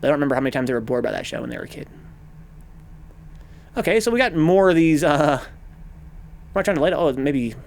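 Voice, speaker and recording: A man streaming a video game, talking casually with animated, profane, rambling rants. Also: fairly high pitch, quick pace, vocal fry, pauses often, a little hiss or hum. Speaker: gaming streamer. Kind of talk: casual let's-play commentary.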